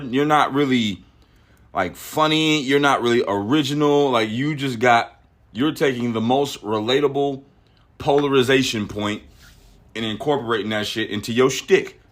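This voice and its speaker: Male podcast host, mid pitch, ranting and profane, trips over his words. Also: a little slow, fairly bright tone. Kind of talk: opinionated political commentary.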